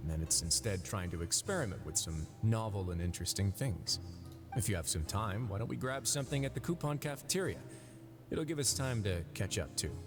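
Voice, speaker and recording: A calm video game duke, as a man voices him speaks in a lowish, measured voice. His manner is courteous, and game music plays behind him. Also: lightly acted. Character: composed male duke running a fortress.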